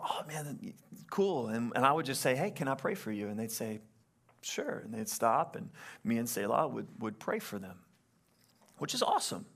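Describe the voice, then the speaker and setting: A young adult man, a pastor, telling a story in a sermon in an animated way and acting out the quotes. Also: medium pitch, vocal fry.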